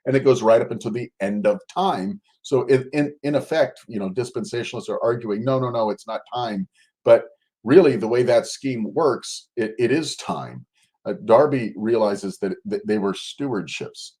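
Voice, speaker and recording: A male scholar explains his subject in an interview with a fairly low voice. He speaks in a halting, thinking-aloud way, often breaking off and restarting a sentence before carrying his point through. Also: a little mellow. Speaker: guest scholar. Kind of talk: conversational explanation.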